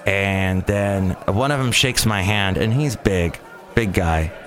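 A man's voice: sits low, slow pace, a crowd in the background. A man hosting a show, chatting casually and telling a story with mocking asides. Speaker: host. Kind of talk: casual chat.

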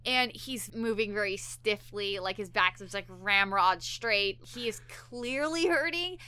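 A woman's voice: mid-range voice, a little slow. A woman on a podcast chatting casually as she recaps an episode, acting out characters' lines as she goes. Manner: animated, acts out characters' lines in quotes. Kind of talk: casual chat.

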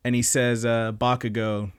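Young male podcast host, casual and animated, cusses freely, smooth clear voice, mid pitch. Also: moderate pace. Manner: animated, swears often, acts out lines. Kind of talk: casual recap chat.

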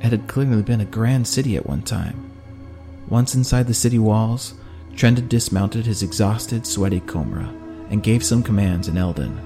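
A man narrating a first-person fantasy audiobook in a steady, even manner. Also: fairly low pitch, normal speed, over music.

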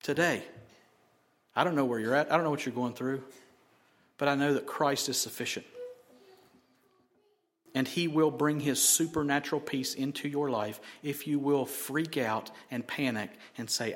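A male pastor preaching a sermon and closing in prayer, rising loud on key phrases and dropping to a whisper. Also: medium pitch, moderate pace, pauses often.

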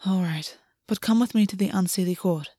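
A woman's voice: mid-range voice, a little fast, mellow, slightly rough, no room sound, studio quality, close to an everyday voice. A woman reading aloud and voicing a scheming, petty male fae lord who talks persuasively. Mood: gentle.

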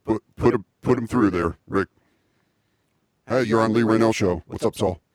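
A man hosting a casual podcast, brisk and wisecracking. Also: fairly low pitch, no room sound, clean studio sound. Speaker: podcast host.

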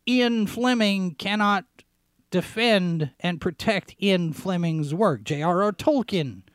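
A man hosting a talk show, giving sarcastic commentary as he reads out headlines, often clearing his throat and restarting his sentences. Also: high-pitched, takes it slowly, no echo, studio quality. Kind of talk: opinionated commentary, reading headlines.

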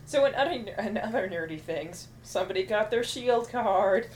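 A woman co-hosting a casual pop-culture chat, quick and teasing with playful jabs. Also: medium pitch, expressive, a little mellow, slight background noise, rough recording. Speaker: podcast co-host.

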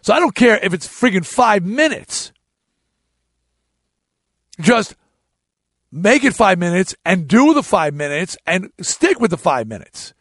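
A middle-aged man spins a casual story, blunt and profane, and often restarts his sentences. His voice sits a bit high and swoops up and down, and the sound is dry and close. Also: sing-song, a little slow, pauses often, fairly bright tone, no echo. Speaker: podcast host.

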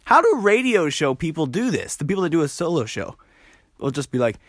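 Male podcast host, solo and self-mocking, fast and rambling, slightly high voice. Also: big pitch swings, a bit bright, dry recording, clean studio sound. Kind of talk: casual solo podcast chat.

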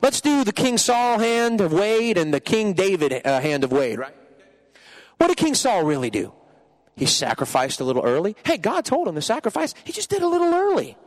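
A man preaching a sermon, animated and conversational, shifting between lively asides and quiet earnest passages. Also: high-pitched. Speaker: pastor.

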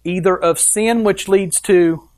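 A man's voice: sits high, slow pace, darkish tone. Emphatic male pastor preaching. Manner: emphatic, asks the congregation questions. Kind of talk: sermon.

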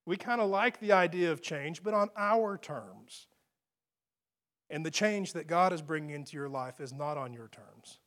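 Male pastor, high voice, chatty and self-mocking, rises to emphatic peaks. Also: animated, normal speed, fairly bright tone. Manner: conversational, self-deprecating, builds to emphatic peaks. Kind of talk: sermon.

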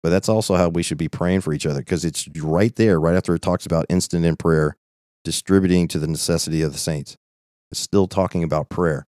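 A man with a very low voice teaches scripture in an earnest, conversational way. He drives points home and keeps checking in with his listeners. The sound is close and dry. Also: steady tone, fairly quick, a little mellow, no room sound. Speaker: Bible teacher. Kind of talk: informal Bible study.

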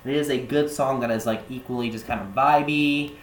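A man's voice: medium pitch, fairly even intonation, brisk, slight background noise. Rambling man in a roomy space. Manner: rambling, many fillers like "um" and "like". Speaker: podcast co-host. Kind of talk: casual chat.

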